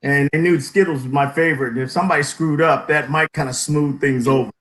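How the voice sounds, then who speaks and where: A man, an Army veteran, telling lively war-story anecdotes in casual panel chat and laughing at his own tales. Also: on the high side, fast talker, echoey room, poor audio.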